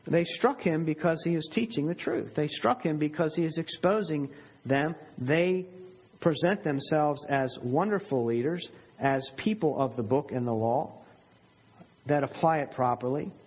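A man's voice: on the high side, normal speed, slightly rough, dull audio. A male pastor preaching a sermon in an earnest, emphatic way, with many rhetorical questions.

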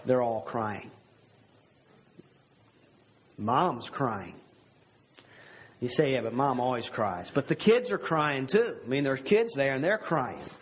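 A man's voice: mid-range voice, sing-song, slow, long pauses, highs cut off, slight background noise. A man preaching a sermon in an earnest, conversational way with rhetorical asides. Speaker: pastor.

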